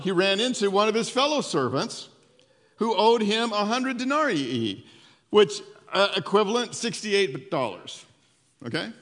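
A man preaching a sermon as pastor. He retells the story conversationally, with lively asides to the congregation. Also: sits high. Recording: long hall reverb.

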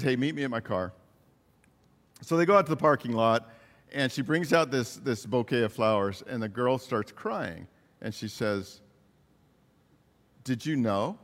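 A man's voice: mid-range voice, fairly bright tone, big-room sound. A man preaching a sermon, earnestly retelling stories with quoted dialogue. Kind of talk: sermon storytelling.

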